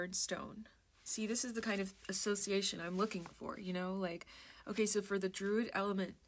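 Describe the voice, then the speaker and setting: A chatty woman talking to her viewers in an easy, rambling way, breaking off mid-thought and starting over. She drifts into a soft murmur while she reads lists aloud from a book. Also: mid-range voice, slight background noise. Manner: rambling, self-interrupting, chatty. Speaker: vlogger. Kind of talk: casual chat while browsing a book.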